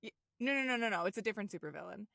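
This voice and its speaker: Giggly woman with a bright, lively voice. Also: mid-range voice, creaky, dry recording, clean studio sound. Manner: giggly, quotes lines in quick put-on voices. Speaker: podcast co-host. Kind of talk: casual chat recapping a cartoon episode.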